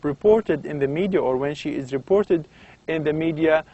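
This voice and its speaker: A man whose first language is Arabic lectures on language and society. His delivery is halting, full of "uh" fillers and restarted phrases. His voice sits a little higher than most men's. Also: dark tone, lo-fi sound. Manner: hesitant, many fillers and restarts. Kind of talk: university lecture.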